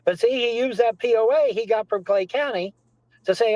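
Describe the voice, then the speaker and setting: A man's voice: very high-pitched, moderate pace, a little mellow, faint music behind, low-quality recording. A man ranting as a guest, repeating himself insistently and swearing often. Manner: rambling, repetitive, profane, insistent. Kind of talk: heated phone-in rant.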